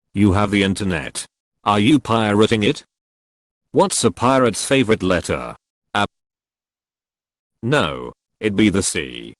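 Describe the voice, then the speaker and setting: A man reads online posts aloud in a fairly low voice. His pitch rises and falls a lot as he moves from one post to the next. The sound is close and dry, with no room around it. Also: dry recording. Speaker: narrator of forum posts. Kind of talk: scripted narration of online posts.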